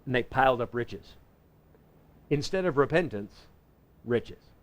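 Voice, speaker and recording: A man teaching a Bible lesson in a folksy, conversational way, slowing down to read scripture verses. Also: mid-range voice, lively intonation. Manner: folksy and conversational, reading scripture slowly and deliberately; self-correcting with frequent restarts. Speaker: pastor teaching a Bible class.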